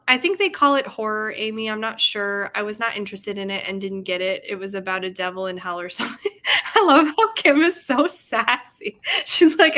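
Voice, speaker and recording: A woman's voice: mid-range voice, sharp tone. A young woman hosting a casual livestream, chatting in a rambling way, laughing often and reading out chat comments. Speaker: livestream host.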